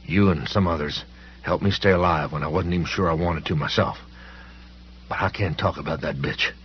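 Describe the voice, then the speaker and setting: Man voicing a haunted townsman, quiet and shaken, on a slightly dull recording. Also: moderate pace, a little hiss or hum, close to an everyday voice. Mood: fearful warning. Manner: low, hushed and shaken. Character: frightened middle-aged man, haunted and pleading.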